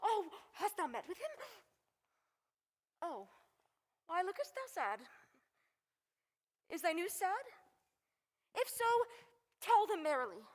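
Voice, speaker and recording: A woman's voice: extremely high pitch, big pitch swings, slow, long pauses, heavily acted. A woman playing an impatient young girl in love in a Shakespeare reading, pleading with urgency. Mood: eager, impatient. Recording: long reverb on live stream.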